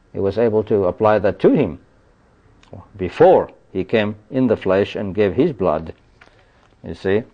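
A man preaching a sermon, explaining scripture in a plain teaching way and often checking in with "you see?". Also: medium pitch. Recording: dull lo-fi recording.

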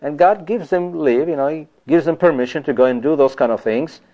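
A man's voice: a little high, fairly quick, mellow. Man preaching in a dull lo-fi recording. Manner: conversational, repeats "you see" and "you know". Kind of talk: sermon on scripture.

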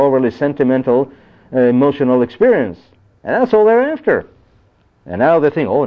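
Male preacher, mid-pitched, conversational Bible teaching, tinny phone-like audio. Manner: expository Bible teaching, frequent "you see" and "you know". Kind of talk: sermon.

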